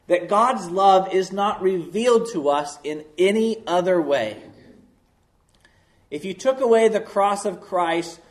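Slow, deliberate male preacher. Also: high-pitched, reverberant. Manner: slow, deliberate preaching with stressed key words. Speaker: pastor. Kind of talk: sermon.

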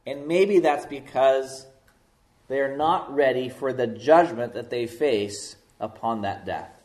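A man preaching a sermon as pastor, slow and deliberate, leaning hard on key words. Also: on the high side, a little mellow, echoey room.

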